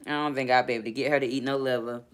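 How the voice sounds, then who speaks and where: A woman hosting a casual live stream, chatting as she reads viewer comments and laughing often. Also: clean tone. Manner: chatty and animated, laughs often, quick pitch jumps. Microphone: laptop.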